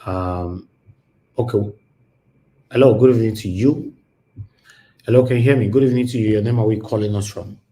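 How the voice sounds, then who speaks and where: A man hosting a call-in show, brisk and courteous, greeting callers and calling them sir. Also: fairly low pitch, dark tone. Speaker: host.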